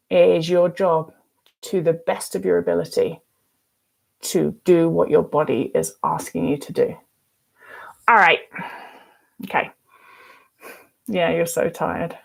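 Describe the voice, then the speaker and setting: A frank woman in her thirties talking straight to camera as a recovery coach. She speaks a little lower than most women. She is emphatic and unfiltered, with the odd swear word. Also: gravelly, a little mellow. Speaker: eating disorder recovery coach. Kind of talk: casual advice vlog.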